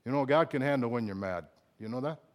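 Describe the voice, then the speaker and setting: Preaching fast with a medium-pitched voice, a middle-aged pastor swings from quiet confiding moments to loud, impassioned outbursts. At times the sermon turns emotional.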